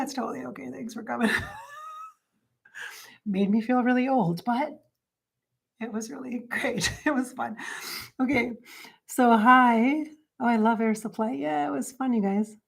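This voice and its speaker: Host, woman, late forties, chatty and bubbly, sings bits between talk, slightly high voice. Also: vocal fry. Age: 40s. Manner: chatty and bubbly, breaks into singing. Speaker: psychic livestream host. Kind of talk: casual livestream chat.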